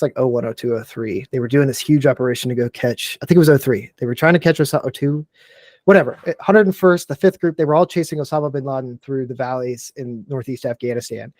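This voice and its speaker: A man's voice: medium pitch, fast talker, dry recording, studio quality. A man, a guest on a podcast talking casually. He talks with lots of emphasis, uses "like" constantly and swears freely. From Texas and Tennessee, USA. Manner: animated, emphatic, fills speech with "like", swears freely. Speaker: podcast guest, military veteran. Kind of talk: casual chat.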